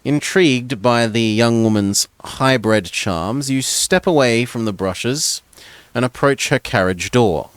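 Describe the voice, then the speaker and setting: A man's voice: mid-range voice, unhurried, clean tone, dry recording. A man reading a gamebook aloud in second person, stumbling over words now and then and dropping casual asides. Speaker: gamebook reader.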